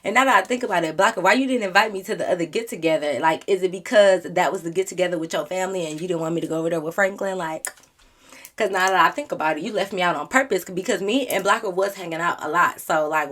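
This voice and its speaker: A young adult woman vlogger telling a storytime to her viewers in casual chat, animated and dramatic, laughing often. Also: lowish voice, quick pace. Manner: talks straight to her viewers.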